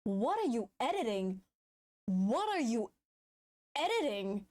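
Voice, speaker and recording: A woman streamer chatting casually on a live stream, excitable, laughing a lot and swearing. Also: fairly high pitch, slow.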